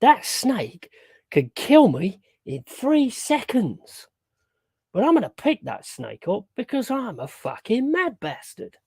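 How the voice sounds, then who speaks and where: Man doing a put-on Aussie accent: excitable croc-wrangler type, gravelly, daredevil swagger. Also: very high voice, takes it slowly, dry recording, clean studio sound, voice pushed up, full character voice. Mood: daredevil excitement. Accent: put-on Australian. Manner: thrilled, daredevil bravado. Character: brash Australian wildlife showman, excitable man.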